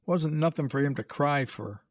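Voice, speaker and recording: Brief: gruff bully boy, slightly raised voice, voiced by a male narrator. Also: fairly high pitch, moderate pace, no room sound, studio quality, close to an everyday voice. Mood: sulky. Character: tough bully boy, rough-spoken.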